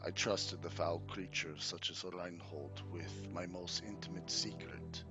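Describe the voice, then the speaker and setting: A man voicing a smooth-talking undead vampire count who pleads in a courtly, hushed way, with music underneath. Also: low voice, steady tone, measured pace, voice pushed down.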